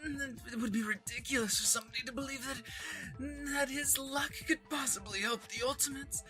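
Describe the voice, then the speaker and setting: A man's voice: extremely high pitch, moderate pace, music in the background, pitched above the performer's own voice. A man voicing a manic, self-loathing young man whose voice stays restrained and strained. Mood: self-mocking. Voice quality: strained, breathy delivery.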